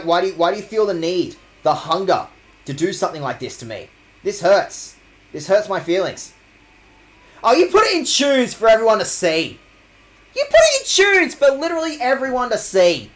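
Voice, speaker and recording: A young man streaming a video game, swearing and mock-outraged as he reads the game text aloud and talks to chat. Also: high voice. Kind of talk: casual let's-play commentary.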